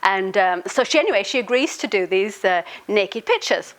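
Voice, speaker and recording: A woman's voice: mid-range voice, animated, normal speed, fairly bright tone, low-quality recording. A woman telling a casual, chatty anecdote, often laughing and filling gaps with "um" and "you know.". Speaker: author and storyteller.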